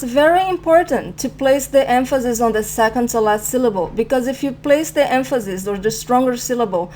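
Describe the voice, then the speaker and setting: A woman's voice: fairly high pitch, a little mellow, slight background noise. Woman teaching a language lesson. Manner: clear, patient explaining, repeats example phrases slowly.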